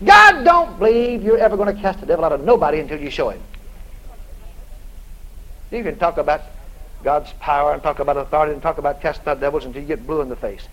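A man preaching a sermon in a folksy, dramatic storytelling style, shouting out the lines he quotes. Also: on the high side, animated, fast talker, pauses often, highs cut off. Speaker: evangelist preacher.

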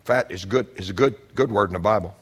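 A man preaching a sermon, moving from calm scripture reading to loud, shouted exhortation, repeating phrases for emphasis. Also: fairly low pitch, quick pace, slightly rough. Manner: swings from quiet teaching to loud shouted exhortation.

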